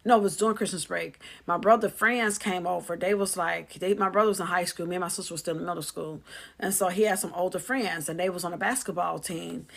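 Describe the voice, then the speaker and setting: A woman vlogger tells a story straight to her viewers, chatty and full of slang. She acts out what her relatives said, and her voice carries a gravelly, creaky edge. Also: fairly low pitch, steady tone, fast, fairly bright tone. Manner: chatty, slangy, acts out family members' lines. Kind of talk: casual storytelling to camera.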